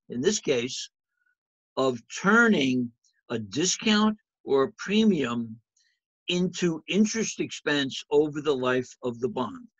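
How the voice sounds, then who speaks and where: A man's voice: on the high side, fairly bright tone, slightly rough, dry recording, rough recording. A man teaching accounting in a lecture over slides, talking in a conversational way and asking the class rhetorical questions. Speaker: accounting instructor.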